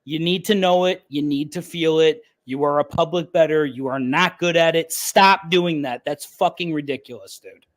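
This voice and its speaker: A man co-hosting a sports betting chat, ranting loudly and profanely. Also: on the high side, normal speed, few pauses. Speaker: podcast co-host.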